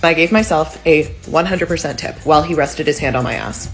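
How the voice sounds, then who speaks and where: A woman who used to wait tables, telling a story to camera with dry, deadpan humor. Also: low-pitched, fairly quick, soft background music. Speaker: former server.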